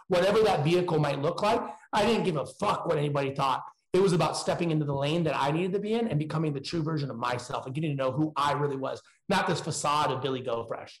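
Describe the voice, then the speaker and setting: A man's voice: on the high side, roomy sound, low-quality recording. A man speaking candidly in a casual, slangy way, with frequent restarts. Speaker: guest entrepreneur.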